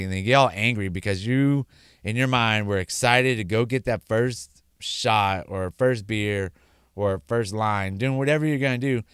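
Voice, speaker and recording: Earnest low-voiced man giving testimony. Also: moderate pace, a bit bright, clear, resonant tone, no room sound, clean studio sound. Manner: earnest, repeats words for emphasis. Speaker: speaker sharing his sobriety story. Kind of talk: personal testimony.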